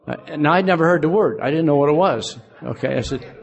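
A man's voice: fairly high pitch, normal speed, gravelly. An older man from Illinois telling a folksy, self-mocking story to a group, acting out both sides of conversations. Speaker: recovery meeting speaker.

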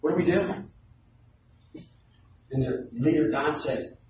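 A man telling an animated story to a recovery meeting group, building to shouts at the big moments. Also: fairly high pitch, unhurried, slight background noise. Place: meeting room. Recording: echoey room, distant dull mic.

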